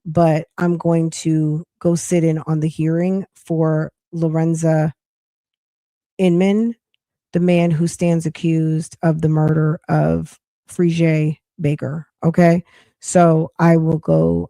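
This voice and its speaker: A woman hosts a chatty live podcast, her voice getting hoarse. Her tone is low and mellow, and she rambles and restarts as she talks. The sound is dry and close. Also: no room sound. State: losing her voice. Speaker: podcast host. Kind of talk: casual live-stream chat.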